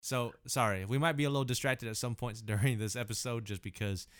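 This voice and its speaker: A man co-hosting a podcast in casual, slangy chat, laid-back and quick to laugh. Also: mid-range voice, fairly bright tone, no room sound, clean studio sound. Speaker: podcast co-host.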